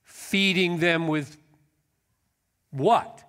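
A man's voice: a little high, drawn-out words, fairly bright tone, clean tone. A man preaching a sermon, emphatic, quoting scripture with rising intensity. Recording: long hall reverb.

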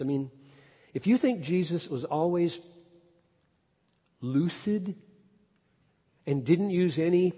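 A man preaching an expository sermon, emphatic, climbing to loud peaks and then dropping low. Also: breathy edge. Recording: long hall reverb.

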